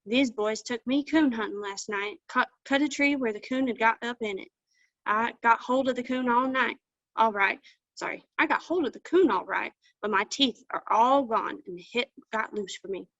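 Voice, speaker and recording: A lonesome old hound dog with no teeth left is voiced by a woman, rambling in a folksy country drawl from a storybook. The voice sits a little high and the sound is dull and dry, as on an old lo-fi recording. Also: normal speed, a bit bright, no echo. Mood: lamenting.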